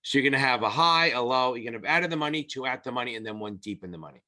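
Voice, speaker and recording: A man's voice: medium pitch, expressive, racing, sharp tone. A middle-aged man teaching exam prep in a casual, blunt and profane way, rambling through his explanations. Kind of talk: casual whiteboard lesson.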